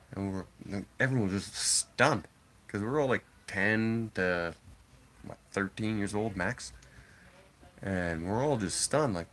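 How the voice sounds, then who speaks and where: A man with a somewhat low voice telling a story to his live stream chat. He is blunt and profane, swears freely and keeps the telling animated. Faint noise sits in the background. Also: takes it slowly, pauses often. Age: adult father.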